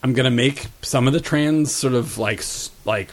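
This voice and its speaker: A man's voice: mid-range voice, moderate pace. A man co-hosting a podcast, reviewing shows and books in casual, rambling chat full of "like" and "um". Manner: rambling, filler-heavy, frequent "like" and "um". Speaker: podcast co-host. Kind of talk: casual pop-culture chat.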